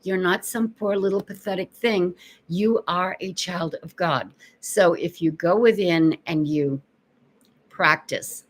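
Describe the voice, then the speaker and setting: Earnest motivational woman, slightly low voice. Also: takes it slowly. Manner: earnest and encouraging, repeats key phrases. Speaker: self-help coach. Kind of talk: motivational talk.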